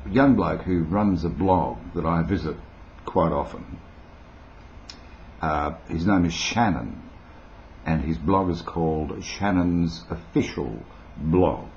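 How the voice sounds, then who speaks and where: A man's voice: low voice, vocal fry, a little mellow, dull audio, slight background noise. An older Australian man with an Australian accent, rambling playfully and eccentrically to his webcam at home. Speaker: vlogger. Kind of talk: casual talk to webcam.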